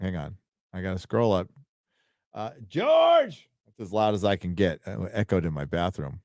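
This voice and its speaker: A man's voice: sits low, brisk, a little mellow, no echo. Male stream host, offhand and rambling, casual swearing, dry close sound. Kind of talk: casual live-stream chat, reading donations. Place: home studio.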